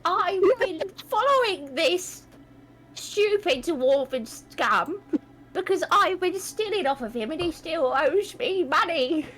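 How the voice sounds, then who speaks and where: Woman doing a fake goblin voice, squeaky high, slow and halting, tabletop role-play. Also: animated, fairly bright tone, full character voice, rough recording. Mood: bluffing. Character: disguised player character faking a gruff goblin.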